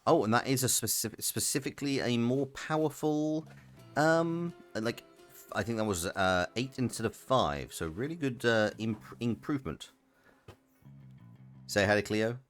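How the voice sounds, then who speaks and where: A man's voice: medium pitch, animated, a little slow, a bit bright, faint music behind. A man streaming a game live, chatting casually and reading out chat messages between plays. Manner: chatty, rambling, reads chat aloud. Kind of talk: casual live gaming commentary.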